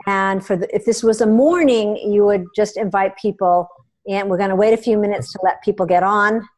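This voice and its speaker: A woman talks through a hands-on tutorial in a chatty, instructive way, often checking in with her listeners as she goes. Her voice sits at an ordinary middle pitch for a woman. She is recorded on a computer microphone. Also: fairly even intonation, moderate pace, darkish tone. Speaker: meeting host.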